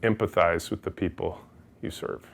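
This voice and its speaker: A man's voice: low voice, moderate pace, gravelly. A middle-aged man, a company CEO, giving a storytelling keynote talk and acting out the people in his anecdotes. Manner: energetic, animated storyteller who acts out quotes.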